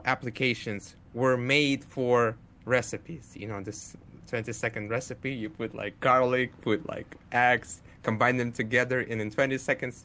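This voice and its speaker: A man's voice: medium pitch, fairly bright tone. A man hosting a casual podcast, who swears, laughs often and acts out quoted speech. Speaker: podcast host. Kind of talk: casual chat.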